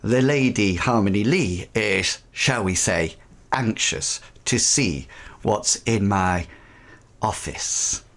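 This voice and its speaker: A man voicing a smug, scheming nobleman with a smooth, self-satisfied manner. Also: on the low side, takes it slowly, fairly bright tone, pitched below the performer's own voice, heavily acted.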